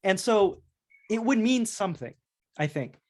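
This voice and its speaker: A man's voice: sits high, animated, a little slow. A man in his thirties hosting a podcast, chatting casually and rambling, swearing freely with frequent restarts. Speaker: podcast host. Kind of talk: casual chat.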